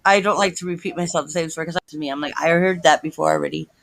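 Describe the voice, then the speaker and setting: A woman's voice: deep voice, rapid-fire, gravelly, low-quality recording. A woman in her thirties, a guest on a casual livestream chat, talking a lot and laughing often, calling in on a phone on speaker. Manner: talkative, laughing often, animated storytelling.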